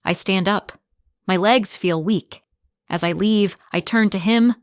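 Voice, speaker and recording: A woman narrating a simple graded-reader story in short, clear, deliberate sentences. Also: mid-range voice, no room sound, studio quality.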